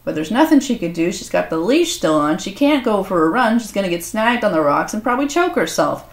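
A woman's voice: mid-range voice, big pitch swings, a little fast. A woman host swearing and joking crudely in a casual unboxing vlog. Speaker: author and video host. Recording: echoey room.

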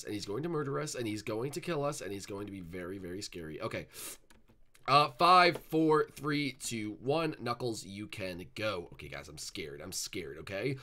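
A man narrating and playing the lead in a game roleplay as a gaming video creator, talking in an excitable, rambling way. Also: on the low side, normal speed.

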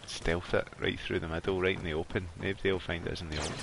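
Scottish male streamer, low voice, loose and talkative with his viewers, quick to laugh. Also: steady tone, gravelly, a bit bright, slight background noise. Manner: chatty, laughs often, talks to viewers. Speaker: live game streamer. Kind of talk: casual live gameplay chat. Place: warm bedroom at home.

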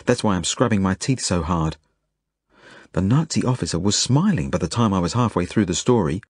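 Low husky guy reading his own kids' novel, earnest, gentle. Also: lively intonation, no room sound, clean studio sound. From Australia. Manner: earnest, measured, gentle storytelling. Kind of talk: first-person audiobook narration.

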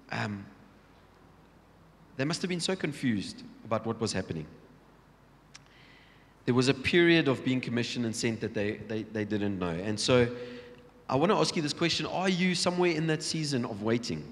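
A man preaching a sermon, telling Bible stories with lively acted-out scenes and frequent restarts. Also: medium pitch. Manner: storytelling, acting out Bible scenes, many restarts. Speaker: pastor. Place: large church hall. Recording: long church hall reverb.

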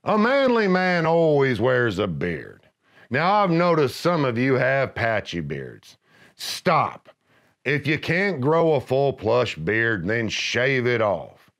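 Slow deadpan macho man, lively pitch. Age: middle-aged. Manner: gruff macho pronouncements, deadpan. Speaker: comedy narrator. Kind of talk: scripted deadpan comedy narration.

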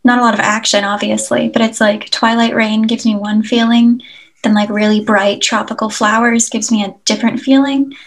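A woman's voice: fairly high pitch, steady tone, moderate pace, low-quality recording. A woman co-hosting a casual poetry podcast, chatty with many fillers and easy laughs. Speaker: podcast co-host. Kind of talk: casual chat about poetry.

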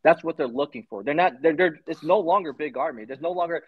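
A man's voice: a little high, fast talker, slightly rough, no echo, narrow, tinny audio. A man in his forties, a former Army Ranger, telling his story in a casual interview, blunt and swearing freely. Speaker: podcast guest, Army Ranger veteran.

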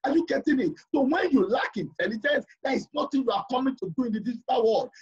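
Man, high husky voice, emphatic class lecturer who keeps checking understanding; muffled lo-fi sound. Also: lively intonation, fast. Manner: emphatic, repeats points, asks the class questions.

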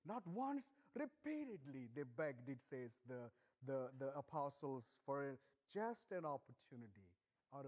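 A middle-aged man preaching a sermon in church, earnest and emphatic, speaking slowly and deliberately. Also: a little mellow. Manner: earnest, emphatic, stresses key words with rising pitch.

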